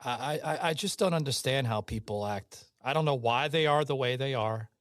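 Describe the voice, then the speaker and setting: A man's voice: medium pitch, brisk, no echo. A man co-hosting a studio podcast in casual political banter, swearing often, stammering through restarts and laughing. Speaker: podcast co-host. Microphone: studio mic.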